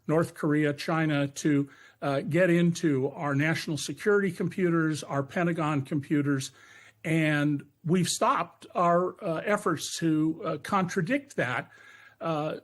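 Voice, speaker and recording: A man from the United States joins a live news debate as a guest. His voice sits a little high, and he talks bluntly and critically, pausing often on filler words. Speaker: political commentator guest.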